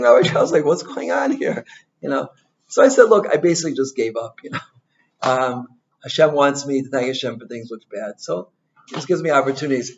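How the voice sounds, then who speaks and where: A male rabbi giving an informal Torah talk, an animated storyteller who mixes in Hebrew and Yiddish terms and keeps asking "right?". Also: mid-range voice, muffled recording.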